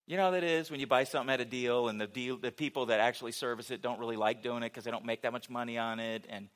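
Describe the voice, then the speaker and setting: A man's voice: mid-range voice, fairly even intonation, fast, fairly bright tone. A middle-aged man preaching a sermon, telling a story with humor and asking the audience questions.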